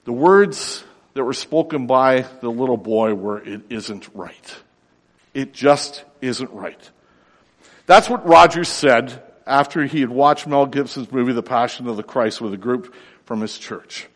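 A pastor preaching a sermon with drama, dropping to near whispers and then rising to loud cries. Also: male voice, mid-range voice, moderate pace. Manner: dramatic, swings from hushed to loud. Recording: reverberant hall.

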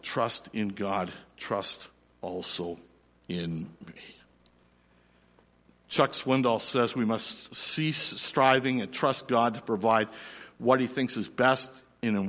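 A middle-aged man, preaching a sermon and telling a lively personal story before turning quiet and slow. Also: medium pitch. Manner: animated storyteller, drops to soft and slow for reflection. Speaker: pastor. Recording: long reverb of a large hall.

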